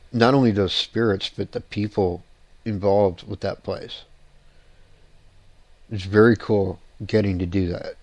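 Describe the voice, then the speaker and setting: A man hosting a paranormal show, telling ghost-hunting stories in a rambling, excited way with frequent laughs and restarts. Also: fairly low pitch, dry recording. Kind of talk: casual storytelling on a show.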